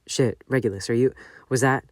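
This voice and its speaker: A man voicing a gentle, steady young man. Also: lowish voice, a little slow, dry recording, studio quality. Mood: concerned. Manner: soft and reassuring.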